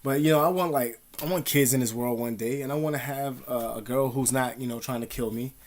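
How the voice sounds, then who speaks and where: A man's voice: mid-range voice, fairly even intonation, brisk. A man vlogging casual advice, rambling in profane street slang with many fillers.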